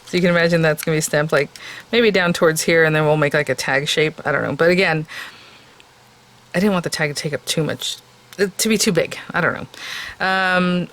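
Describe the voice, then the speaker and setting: A woman's voice: deep voice, fairly bright tone, a little hiss or hum, poor audio. A woman demonstrating card making in a casual crafting tutorial. She chats and thinks aloud as she works, and her voice sounds a little tired. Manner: chatty, thinking aloud while working. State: voice getting tired.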